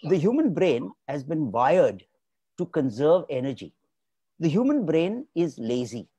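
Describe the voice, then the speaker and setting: Man, guest expert, motivational talk, emphatic, very animated pitch, dry close sound. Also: unhurried, slightly rough, dry recording. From India. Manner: emphatic, repeats key words for stress.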